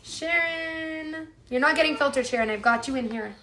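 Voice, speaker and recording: A woman's voice: a little high, very fast, sharp tone, faint music behind. A woman hosting a home cooking livestream, chatting casually and reading out viewer comments in an upbeat way. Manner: chatty, upbeat, addresses viewers as "you guys".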